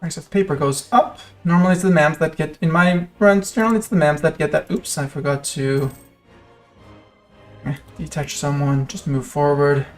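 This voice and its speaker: A French-accented streamer rambles through live gameplay, chatting to viewers and to the game as it goes. The voice sits at a middling pitch, with soft music under it. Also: steady tone, moderate pace.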